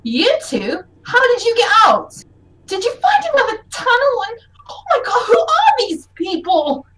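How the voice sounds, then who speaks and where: A woman's voice: extremely high pitch, wildly swooping pitch, very fast, a little hiss or hum, voice pushed up, exaggerated voice, low-quality recording. A woman voicing a fretful female elf guardian who fires off anxious questions. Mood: alarmed.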